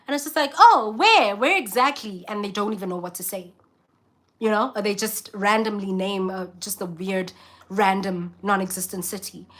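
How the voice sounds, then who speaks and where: A woman's voice: medium pitch, fairly even intonation, moderate pace, a bit bright. A South African woman ranting bluntly and emphatically in a casual vlog. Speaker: vlogger. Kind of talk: casual vlog rant to camera.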